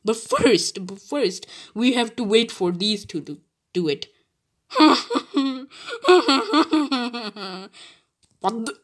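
Brief: woman game streamer, giggly, excitable, chatty, medium pitch. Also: a little slow, husky. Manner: giggly and excitable, breaks into laughter often; chatty, with frequent restarts and exclamations. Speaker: gaming video creator. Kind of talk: casual gameplay commentary.

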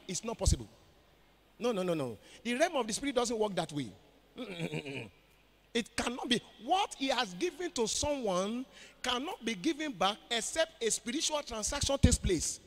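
A man with a Nigerian accent preaching a sermon as pastor, pausing on questions for the congregation to answer and shouting out declarations. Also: very high voice, sing-song. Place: church. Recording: echoey church hall.

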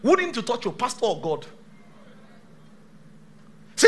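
A male pastor preaching a sermon to a live church congregation, dramatic, swinging from shouts to hushed tones. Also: high-pitched, huge pitch swings, normal speed.

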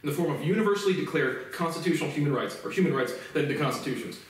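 A man's voice: fairly high pitch, animated, rapid-fire. Male host, angry profane monologue, echoey room, distant mic. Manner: furious, profane, repetitive.

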